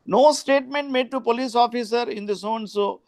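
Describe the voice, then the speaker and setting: Indian English man, law lecture, reads out statutes, high pitch. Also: brisk, darkish tone, no room sound. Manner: reads statute aloud, mixing in Hindi asides. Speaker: law professor.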